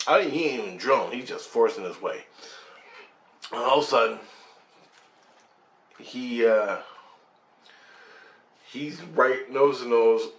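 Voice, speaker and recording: A man's voice: medium pitch, slow, pauses often. A man intensely recounting a personal experience, emphatic, swearing and making sound effects as he tells it. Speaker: storyteller. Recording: roomy sound with faint background noise.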